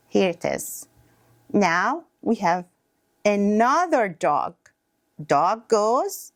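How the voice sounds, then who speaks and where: A woman teacher showing a toddler play activity, speaking in slow, simple, encouraging words. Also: mid-range voice, lively intonation, no room sound. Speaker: early childhood teacher.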